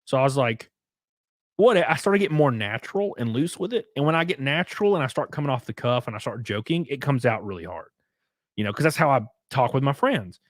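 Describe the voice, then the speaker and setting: A man's voice: mid-range voice, expressive, fairly quick, no room sound, clean studio sound. A man with a Southern US rural accent, reading super chats on a livestream in a laid-back, drawling and profane way. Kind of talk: casual livestream chat.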